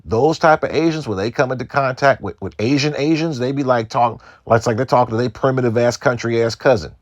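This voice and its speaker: A man's voice: medium pitch, a little fast, no echo, muffled recording. A man from Seattle hosting a podcast, telling profane, loose stories in a casual monologue and mimicking other people's voices. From Seattle, United States. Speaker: podcast host.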